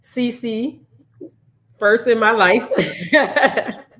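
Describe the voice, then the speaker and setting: A woman's voice: fairly high pitch, fairly bright tone, low-quality recording. Hesitant, emotional middle-aged mother. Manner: emotional, hesitant, many "um" pauses. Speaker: guest, mother. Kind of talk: casual talk show conversation.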